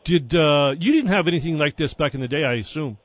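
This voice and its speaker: A man hosting a sports radio interview, energetic, with halting restarts and fillers. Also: on the high side. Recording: dry, slightly dull studio audio.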